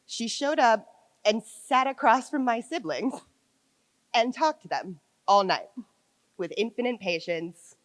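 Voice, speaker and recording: A woman at a wedding reception giving a heartfelt toast to her friend, laughing softly between lines. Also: a little high, lively intonation, a little slow, long pauses, no room sound, poor audio.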